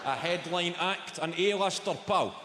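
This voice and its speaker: A young Scottish man does live stand-up on an arena stage, throwing brash, sweary banter at the crowd in a high-pitched voice, speaking a little slowly. The recording is very noisy, with a loud crowd and long reverb from the echoey arena.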